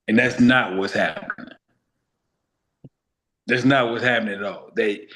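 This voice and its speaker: A man's voice: medium pitch, fairly bright tone. A man co-hosting a casual basketball talk show, loose and conversational, repeating his points for emphasis. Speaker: podcast co-host.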